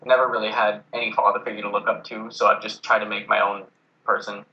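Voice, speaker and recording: Bright-toned young man, calm. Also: lowish voice, quick pace, muffled recording. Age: young adult. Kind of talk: casual chat.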